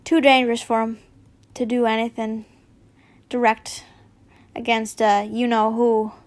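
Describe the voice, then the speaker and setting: A big-hearted half-giant man speaks with an Australian accent, a touch louder and higher than plain talk, as a woman reads him aloud. He talks in halting, concerned bursts for a read-aloud fanfiction. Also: level tone, no room sound, natural voice. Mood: cheerful.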